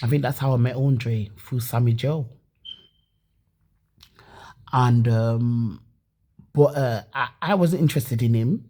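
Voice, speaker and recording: Husky-voiced woman telling a rambling story. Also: rumbling low, slow, long pauses. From Leeds, England. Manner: rambling and animated, many restarts and swearing. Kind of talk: casual personal storytelling.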